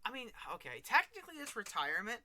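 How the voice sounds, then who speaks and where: Casual co-host, man, bright and slightly high voice, rambles with restarts. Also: wildly swooping pitch, fast talker. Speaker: podcast co-host. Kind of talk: casual chat.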